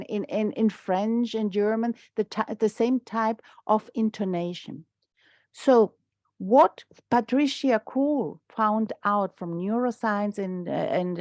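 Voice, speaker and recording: A middle-aged woman whose first tongue is gives an academic talk, pausing and restarting often. Her voice sits at a medium pitch. It is recorded dry, with little room sound. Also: a little mellow, dry recording. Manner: halting, many restarts and fillers. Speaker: lecturer. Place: lecture room.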